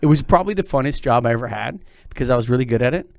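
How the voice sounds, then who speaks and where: A brash, chatty man hosting a podcast who calls everyone dude. He talks very fast in a gravelly voice at a middling pitch. The recording is dry and close-miked. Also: animated, no room sound. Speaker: podcast host. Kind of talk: casual interview chat.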